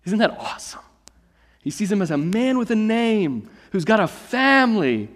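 A man preaching a sermon, reading scripture and then explaining it in a lively, conversational storytelling way. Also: sits high, normal speed, big-room sound. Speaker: pastor.

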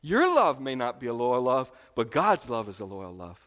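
A man preaching a sermon as pastor, in a conversational, lively way with emphatic repetition. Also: medium pitch, normal speed. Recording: long hall reverb.

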